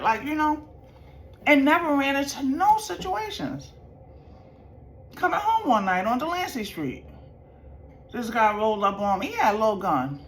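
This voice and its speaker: A woman in her fifties from New York, telling personal stories in a streetwise, slangy way. She shifts from quiet reflection to loud, animated retelling. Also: fairly high pitch, a little hiss or hum. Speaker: vlogger sharing life stories. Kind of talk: personal storytelling.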